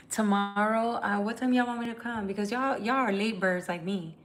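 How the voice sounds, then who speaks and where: A woman's voice: medium pitch, moderate pace, slight background noise. A tired woman who reads tarot, chatting candidly and emotionally with viewers on a livestream, swearing casually. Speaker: tarot reader.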